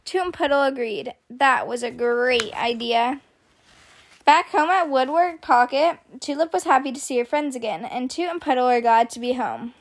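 A woman hosting a children's story podcast, reading aloud in a gentle, expressive way. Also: sits high, moderate pace. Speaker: host, storyteller.

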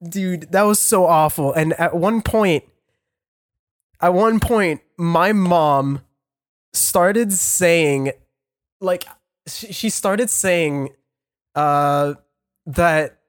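A man's voice: a little high, clear, resonant tone, no echo, studio quality. Rambling young French Canadian man. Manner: rambling, laughing, halting restarts. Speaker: podcast co-host. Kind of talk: casual storytelling chat.

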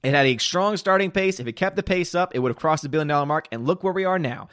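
A male live-stream host talks in a chatty, opinionated way, greeting viewers by name between long stretches of commentary. His voice sits a little high for a man, and the sound is dry and close with no room echo. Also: fast, fairly bright tone. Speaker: livestream host reading chat.

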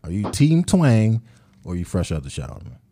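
A man's voice: low-pitched, huge pitch swings, moderate pace, dark tone, no room sound, clean studio sound. A man hosting a casual podcast chat, teasing his co-hosts and laughing often. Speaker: podcast host.

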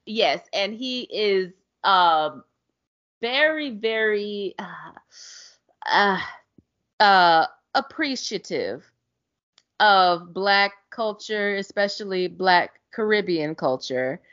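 Woman co-host, excitable and slangy, casual chat, dull lo-fi recording. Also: medium pitch, drawn-out words. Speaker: podcast co-host. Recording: dull lo-fi sound.

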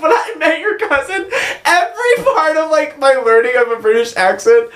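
A man co-hosting a podcast in casual, playful chat, teasing and animated. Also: very high-pitched, moderate pace. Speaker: podcast co-host.

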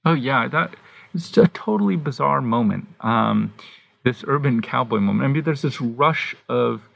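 Gravelly, husky man talking haltingly. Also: mid-range voice, expressive, fairly bright tone. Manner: halting, thinks aloud with many pauses and restarts. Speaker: author being interviewed. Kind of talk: thoughtful conversational interview.

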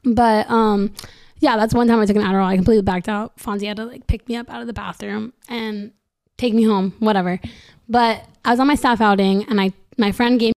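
A woman's voice: mid-range voice, fairly quick. A young woman chatting casually as a podcast guest, telling a story full of "like" and acting out what people said. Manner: animated, full of "like", acts out quotes.

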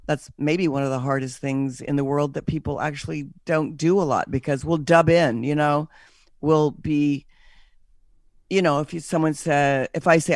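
A woman chatting casually as a podcast host, blunt and animated, acting out the lines she quotes and swearing freely. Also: low-pitched, a little slow, no echo, studio quality. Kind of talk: casual chat.

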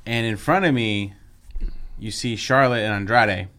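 A man's voice: lowish voice, measured pace, a crowd in the background. A man co-hosting a casual wrestling chat, telling stories and acting out what people said. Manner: chatty storyteller, acts out quotes. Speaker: podcast co-host.

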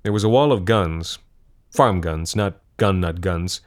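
A man narrating a dark short story in a measured, steady storytelling manner. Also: deep voice. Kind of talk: scripted horror fiction narration.

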